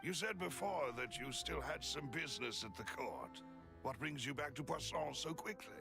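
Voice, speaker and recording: An actor playing a polite, formal official in a game, speaking courteously with a gravelly edge. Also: male voice, a little high, lively intonation, moderate pace. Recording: game audio with music behind.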